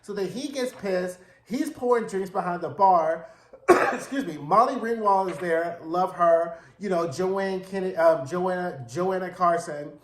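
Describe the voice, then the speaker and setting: A man's voice: sits high, measured pace, reverberant. A man giving a casual, slangy recap of a TV episode, telling it with sass and drama. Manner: sassy, slangy, dramatic storytelling. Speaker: TV recap reviewer.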